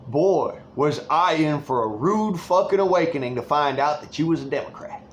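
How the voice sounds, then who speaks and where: A man's voice: fairly high pitch, animated, moderate pace, a little hiss or hum. A man delivering an angry, rambling political rant full of swearing.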